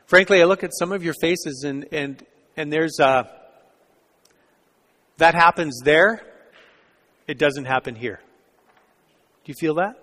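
A male preacher with a slightly high voice, preaching in a church sanctuary. He tells a story and often drops to a hushed tone. A long reverb hangs on every word. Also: a little slow, pauses often. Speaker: pastor. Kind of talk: sermon.

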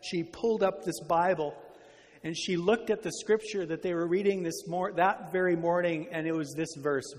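An earnest male preacher telling a story in sermon, slowing on words he wants to land. His voice is a touch high-pitched. A long hall reverb trails each phrase. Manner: earnest, slows down for emphasis.

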